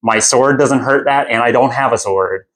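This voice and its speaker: A man's voice: mid-range voice, moderate pace, a bit bright, natural voice, low-quality recording. A weary monster hunter, blunt and exasperated, swearing at his reckless friend, as a man acts him out. He speaks in a near-everyday voice, only a little raised. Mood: alarmed.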